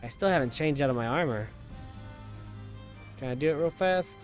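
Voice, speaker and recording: A man's voice: fairly high pitch, lively intonation, normal speed, soft background music. A man streaming a video game, making joking, crude casual comments over the cutscenes.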